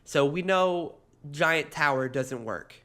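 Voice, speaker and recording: Man, fairly high voice, very lively pitch, comedic podcast co-host, playful storyteller, laughs mid-sentence. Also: takes it slowly. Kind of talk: comedic casual chat.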